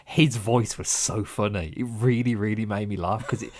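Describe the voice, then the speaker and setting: A man's voice: on the low side, steady tone, moderate pace, slight background noise. Easygoing male co-host who laughs. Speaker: podcast co-host. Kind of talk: casual chat.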